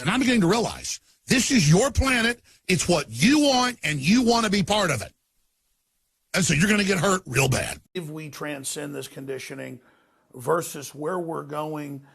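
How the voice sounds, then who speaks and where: Husky, gravelly male talk host; impassioned, shouting rants, dry close sound. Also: dry recording. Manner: shouting, intense, swings from low muttering to roaring. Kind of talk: impassioned broadcast rant.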